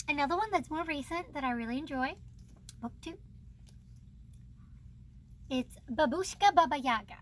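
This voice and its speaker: High-voiced bubbly woman host. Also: animated, unhurried, pauses often, a little hiss or hum. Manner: bubbly, laughs often. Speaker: host of a book channel. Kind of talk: casual chat about books.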